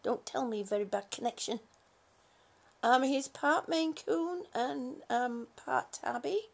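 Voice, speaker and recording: Slow, gravelly high-pitched woman streamer. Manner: greets viewers one by one with affectionate pet names; rambling, with many fillers and restarts. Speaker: live streamer. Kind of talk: casual live-stream chat with viewers.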